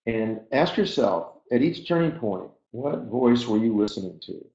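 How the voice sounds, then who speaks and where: A man giving a motivational webinar talk, speaking in an earnest, reflective way with hesitant pauses. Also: lowish voice, dark tone. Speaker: webinar presenter. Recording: dull, lo-fi audio in an echoey room.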